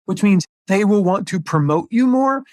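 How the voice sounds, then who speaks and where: Chatty upbeat man, slightly high voice. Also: lively intonation, normal speed, a little mellow, no room sound, studio quality. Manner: upbeat, chatty, lots of fillers. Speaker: podcast host, marketing coach. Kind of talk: casual business chat.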